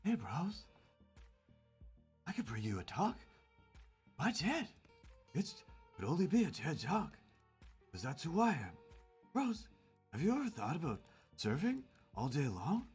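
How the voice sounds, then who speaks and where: A man's voice: a little high, wildly swooping pitch, measured pace, long pauses, darkish tone, husky, faint music behind, pitched above the performer's own voice, exaggerated voice. A man voicing Ted, a laid-back surfer-bro male puppet who rambles in dude-speak. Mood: mellow.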